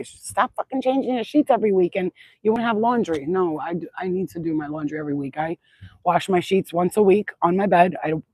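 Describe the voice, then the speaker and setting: A woman's voice: low voice, a little mellow, breathy edge, no room sound, low-quality recording. A woman channeler chatting outdoors in a yard into a phone, rambling, blunt and swearing freely in a casual spiritual vlog.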